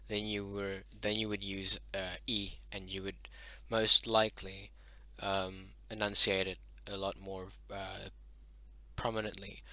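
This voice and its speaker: Slow, halting young man teaching words. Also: on the low side, flat delivery, pushed and bright, no room sound. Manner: halting, many fillers and self-corrections, mutters "oh, damn". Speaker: hobbyist language teacher. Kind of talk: casual language lesson.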